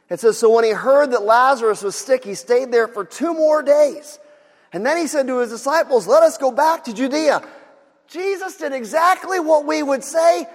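High-pitched male pastor, animated sermon. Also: in a large hall. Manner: animated, swings from loud outbursts to quiet storytelling.

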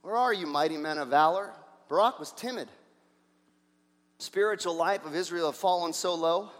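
A male pastor preaching a sermon, energetic, throwing out rhetorical questions and swinging between loud and soft. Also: fairly high pitch, normal speed, in a large hall.

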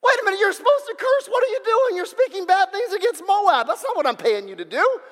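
A man's voice: fast talker, long reverb tail. A man playing a furious, demanding king. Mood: outraged. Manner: high, loud, outraged. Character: angry pushy male king, demanding.

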